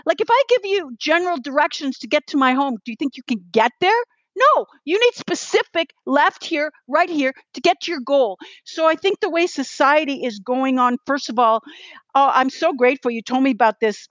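A woman's voice: high-pitched, lively intonation, moderate pace, dry recording, poor audio. A woman guest on a podcast, talking bluntly and with swearing, acting out little back-and-forth dialogues as she makes her point. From Israel. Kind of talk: animated rant.

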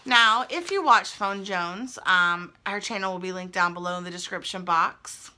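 Young woman vlogger, bright voice, chatty and gushing, camera mic at home. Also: fairly low pitch, normal speed. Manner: chatty, gushing, thinking aloud. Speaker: vlogger opening fan mail. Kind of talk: casual chat. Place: indoors at home.

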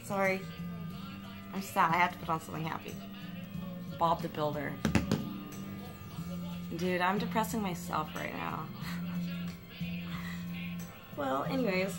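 Rambling young woman with a gravelly edge. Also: on the low side, measured pace, pauses often. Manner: rambling, self-mocking, full of fillers and restarts. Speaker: vlogger. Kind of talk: rambling confessional vlog. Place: at home. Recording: music playing in the room.

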